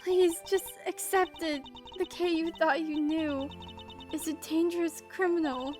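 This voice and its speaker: A woman voicing a frightened young woman accused of murder, tearful, pleading and halting. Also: very high voice, steady tone, a little mellow, faint music behind, voice pushed up. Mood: despairing. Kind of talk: reading game dialogue aloud.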